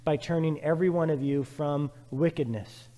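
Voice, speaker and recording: A man preaching a sermon as pastor, emphatic and repetitive, swinging from loud urging to quiet, reflective passages. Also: a little high, steady tone, normal speed, in a large hall.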